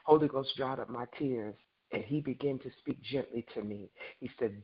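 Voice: mid-range voice, moderate pace, muffled recording, a little hiss or hum. A preacher delivering a fervent sermon, reading scripture aloud, repeating words and calling out to the congregation.

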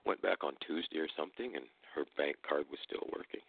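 A man with a very deep, gravelly voice speaks in a deliberate, unhurried way, turning pointed and combative when challenged. His voice comes through a thin, tinny phone-like line with a dry, close sound. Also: dry recording. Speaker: guest speaker. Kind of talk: casual storytelling and argument.

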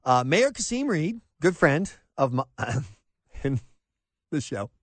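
Man, talk radio host, high voice, swooping pitch, excitable, stammering. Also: slow, husky, no room sound. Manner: excitable, exasperated, stammering restarts.

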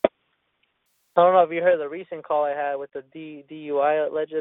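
A man's voice: a little high, fairly even intonation, moderate pace, no room sound. A man telling a rambling story in casual chat, with lots of profanity and restarts. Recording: tinny phone-line sound.

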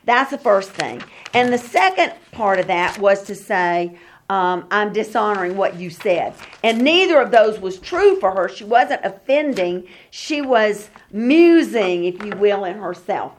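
A woman leading a Bible study reads scripture aloud, then explains it in casual talk, acting out the quoted speakers in lively voices. Her voice is mid-range and unhurried.

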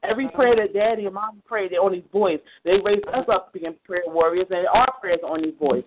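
A man's voice: high-pitched, a little fast. A man on a ministry call, speaking with heartfelt, emphatic praise and repeating phrases for emphasis. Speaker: family member on a ministry call. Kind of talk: heartfelt church talk. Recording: tinny phone line with faint noise.

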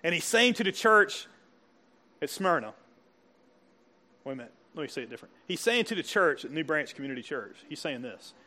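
High, bright-voiced man preaching a sermon. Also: sing-song, fairly quick, long pauses. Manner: conversational, quizzes the congregation with frequent questions. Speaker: pastor. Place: church service before a congregation.

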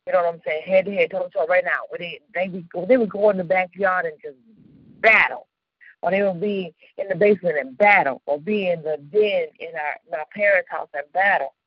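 A woman from the suburbs of Chicago hosting a radio show, telling personal stories in a casual, animated way with slang and frequent laughter. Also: fairly low pitch, fairly quick, slightly rough, no echo, lo-fi sound. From Chicago suburbs, United States. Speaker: radio host. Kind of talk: casual storytelling chat.

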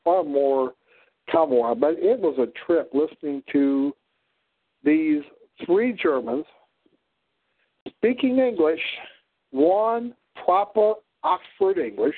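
An older man with a Southwest Missouri drawl, mixing prairie and Ozark sounds, hosting a rambling radio monologue full of halting restarts. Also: a little high, animated. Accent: Southwest Missouri, mix of prairie drawl and Ozark. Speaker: radio show host. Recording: thin phone-like dry audio.

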